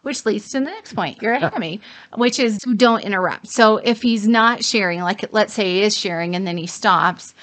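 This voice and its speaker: A woman's voice: medium pitch, moderate pace, fairly bright tone. A middle-aged woman co-hosting a casual advice chat, walking through points one by one. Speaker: co-host.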